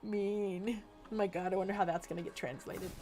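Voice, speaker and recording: A woman's voice: mid-range voice, steady tone, moderate pace, music in the background. A woman with a stuffy nose giving casual, playfully sarcastic commentary while playing a video game. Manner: playful, sarcastic banter at the screen. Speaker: gameplay video creator.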